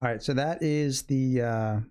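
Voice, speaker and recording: A man walks viewers through the markets as he trades live. His pitch sits in the middle, and his sentences are loose and conversational as he reasons out loud. He often turns to address people watching in the chat. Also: measured pace, smooth. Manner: thinks aloud in loose, chatty sentences; talks directly to chat viewers. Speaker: day trading educator and livestream host. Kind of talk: live trading commentary.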